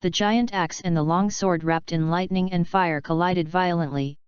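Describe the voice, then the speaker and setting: A woman narrating an action story in a steady, even storytelling manner. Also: fairly low pitch, clear, resonant tone, dry recording. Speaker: audiobook narrator. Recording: dry, slightly dull lo-fi sound.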